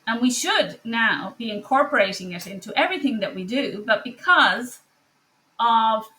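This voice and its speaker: A woman physician speaking a personal commentary monologue, passionate and emphatic with frequent pauses. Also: on the high side, lively intonation, pushed and bright. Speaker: physician and online course teacher.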